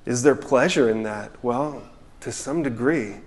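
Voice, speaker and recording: A man preaching a sermon in an earnest, reflective way, reading quotations aloud and dropping into softer asides. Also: mid-range voice, unhurried. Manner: earnest, reflective, reads quotes aloud, drops to soft asides. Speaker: pastor.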